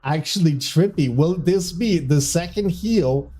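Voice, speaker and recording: A man's voice: fairly high pitch, unhurried, background noise. A man streaming live video game commentary on a community tournament, often breaking into giggling fits and tripping over his words. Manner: trips over his words and restarts when flustered.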